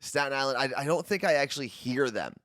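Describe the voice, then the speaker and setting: A man with a New Jersey accent trades casual banter as a morning-show co-host in a studio. His voice sits at an ordinary middle pitch and comes through close and dry, with no room sound. He often trails off and restarts mid-thought. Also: expressive, fast, fairly bright tone, no echo.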